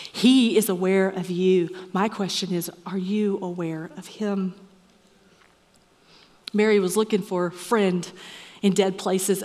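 A woman preaching a sermon in a church, earnest and measured, sometimes dropping to a soft whisper for emphasis. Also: medium pitch. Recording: echoey hall reverb.

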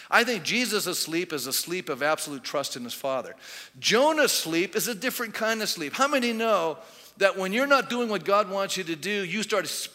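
A pastor with a high, bright voice preaches a sermon in a reverberant hall. His preaching is conversational and full of rhetorical questions.

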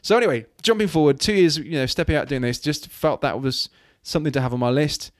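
Speaking quickly in a voice on the high side, a man from Wales talks earnestly as an interview guest, rambling through many restarts and fillers. He's a children's ministry leader, the conversation is casual, and the studio-quality audio has no echo.

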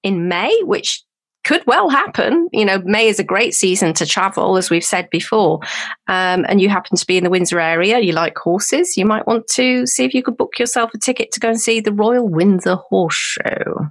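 A woman hosts a podcast in a relaxed, conversational way. She chats with an easy lilt and laughs readily as she talks. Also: mid-range voice, normal speed. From United Kingdom. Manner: chatty, lively, laughs easily. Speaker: podcast host. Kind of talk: casual conversational chat.

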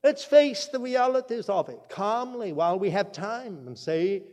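Emphatic high-voiced male preacher. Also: lively intonation, unhurried, hardly any pauses, big-room sound. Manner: emphatic, swings from loud declaration to low asides. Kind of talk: sermon.

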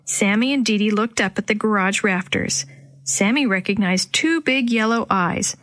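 Female narrator for a kids' storybook, dry close recording, gentle character voices. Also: mid-range voice, moderate pace, no room sound. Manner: reads dialogue with light character voices. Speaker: audiobook narrator. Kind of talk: children's storybook reading.

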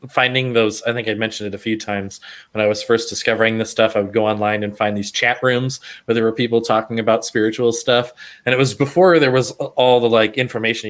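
A man hosting a casual spiritual chat, asking questions in a halting, hesitant way. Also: fairly low pitch, fairly bright tone. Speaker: podcast host.

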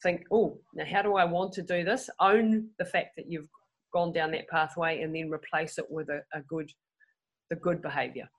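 A woman's voice: low voice, moderate pace, rough recording. A woman guest in a casual conversation, talking animatedly, often restarting her sentences and acting out what people say in their heads. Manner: animated, restarts often, acts out inner voices.

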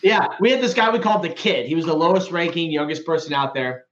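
A man with a high, very lively voice hosts a casual chat, swearing freely as he spins stories. He sounds like he is in a roomy space, and the recording is a bit dull. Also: fast. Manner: profane, animated storyteller. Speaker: podcast host.

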